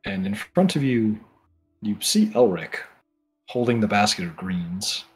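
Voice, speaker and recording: A man with a somewhat low voice narrates a tabletop role-playing session as game master. He keeps a calm, measured delivery. Faint music plays underneath. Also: husky.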